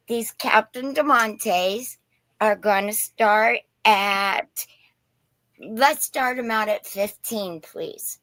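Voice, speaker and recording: Slow, folksy Indiana woman host. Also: mid-range voice, sharp tone, no echo. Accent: Southern Indiana, mixed with Pennsylvania. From Southern Indiana. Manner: chatty, folksy, rambling. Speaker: host selling vintage glass. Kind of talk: casual live-stream sales chat.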